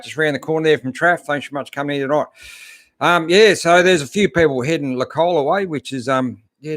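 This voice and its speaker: A man's voice: mid-range voice, fairly bright tone, no echo, studio quality. A middle-aged Australian man hosting a live-stream chat, laid-back and chatty, greeting viewers and answering their questions with plenty of fillers. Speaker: host.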